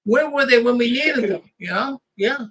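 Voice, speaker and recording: A man's voice: very high-pitched, expressive, normal speed, fairly bright tone, husky, rough recording. A man, the host, talking in a casual conversation, emphatic and often repeating his first words.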